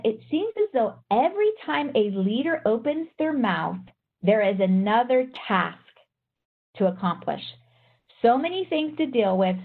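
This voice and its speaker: A woman giving a motivational talk to an audience as a trainer, telling a story in an animated way and quoting others in shifting voices. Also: fairly high pitch, husky. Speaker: speaker and trainer. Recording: tinny phone-like sound.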